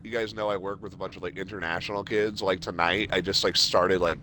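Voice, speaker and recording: A man's voice: sits low, little pitch movement, quick pace, pushed and bright, a little hiss or hum. Rambling, giggly man telling stories. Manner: rambling anecdotes full of fillers, laughing at his own stories. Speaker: streamer and storyteller. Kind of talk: casual chat over gameplay.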